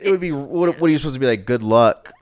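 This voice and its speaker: A man's voice: a little high, very fast, a little mellow. A man co-hosting a podcast, reacting with dry quips in casual chat. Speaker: podcast co-host.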